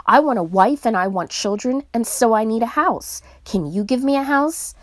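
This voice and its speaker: A woman's voice: fairly high pitch, expressive, moderate pace, no room sound, studio quality, lightly acted. A woman reading a boy who grows old and tired. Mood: wanting. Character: male boy growing into a tired old man.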